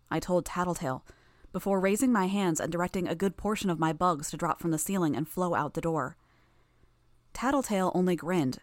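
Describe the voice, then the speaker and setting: Audiobook narrator: a woman, lowish voice, measured delivery, very dry close mic. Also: dry recording. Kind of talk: first-person audiobook narration.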